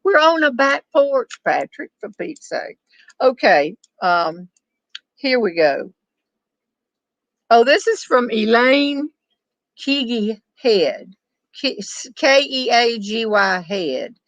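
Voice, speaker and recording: An older woman, chatting and storytelling on a back porch, wry and quick to laugh. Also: on the high side, very animated, no echo, lo-fi sound. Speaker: storyteller host reading viewer questions. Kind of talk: casual chat with a friend.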